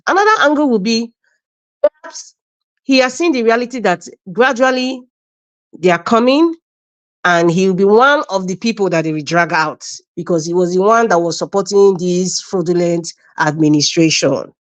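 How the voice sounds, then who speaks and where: A woman's voice: mid-range voice, moderate pace. A woman giving emphatic political commentary as a panel guest on a live stream. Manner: emphatic, animated, mimics others mid-speech.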